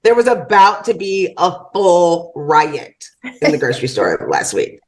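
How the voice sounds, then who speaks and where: A woman co-hosting a podcast, telling funny everyday anecdotes in a lively, casual way. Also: on the low side, a little slow, rough recording. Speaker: podcast co-host. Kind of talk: casual interview conversation.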